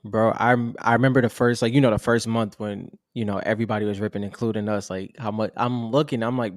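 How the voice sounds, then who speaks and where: A young man co-hosting a relaxed chat about trading cards, laid-back and slangy. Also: mid-range voice, fast talker, few pauses, no room sound, studio quality. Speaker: co-host of a card collecting show. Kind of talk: casual chat.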